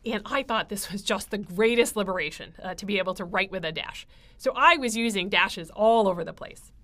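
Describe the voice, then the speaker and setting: A woman's voice: medium pitch, fairly quick, a bit bright. A woman instructor giving a recorded writing lecture, explaining step by step with frequent ums and uhs.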